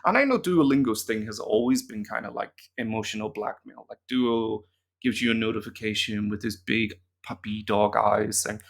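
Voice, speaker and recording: A man's voice: fairly low pitch, normal speed, vocal fry. A man, a German teacher, chatting casually and mocking himself as he works through language app exercises aloud. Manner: chatty and self-mocking, muttering answers aloud.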